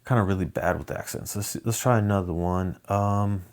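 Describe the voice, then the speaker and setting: This low-pitched man speaks at a moderate pace as he hosts a casual solo podcast. He's from Southern California and rambles hesitantly, full of ums and restarts.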